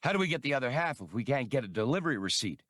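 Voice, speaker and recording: A man's voice: medium pitch, very animated, rapid-fire, a bit bright, dry recording, studio quality, pitched above the performer's own voice. A man voicing a cocky male starship captain who speaks in wry, clipped orders.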